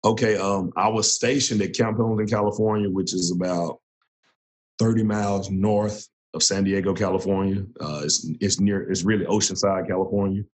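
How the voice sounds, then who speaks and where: A man in his thirties, a former Marine turned coach, telling his story in a relaxed, casual way with frequent laughs. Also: low voice, normal speed. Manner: relaxed, laughs often, restarts sentences.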